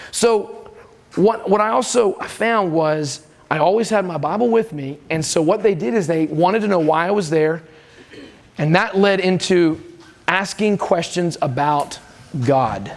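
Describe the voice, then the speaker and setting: A man preaching a sermon at a camp, telling stories with energy and acting out the voices of the people in them. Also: sits high. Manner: lively storytelling, acts out quoted voices.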